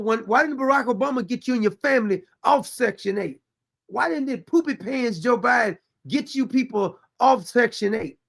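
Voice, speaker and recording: Mocking high-voiced man with a gravelly edge. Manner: mocking, exasperated, sarcastic; reads viewer comments aloud. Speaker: commentary show host. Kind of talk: reaction commentary on clips.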